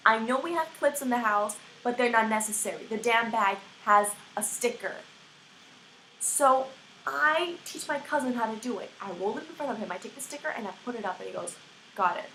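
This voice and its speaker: A woman's voice: on the high side, a little fast, bright, forceful tone, slight background noise. A young woman with a put-on American accent, ranting to camera in exasperated, swearing bursts. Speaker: vlogger. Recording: echoey room.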